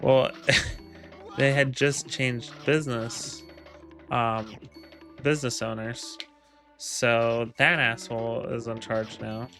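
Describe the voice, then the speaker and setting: A man's voice: medium pitch, fairly even intonation, slow, vocal fry, pauses often, fairly bright tone, faint music behind. A man casually telling a rambling, profane story, full of ums, laughs and quoted lines. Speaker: gaming video creator. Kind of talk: casual storytelling over gameplay.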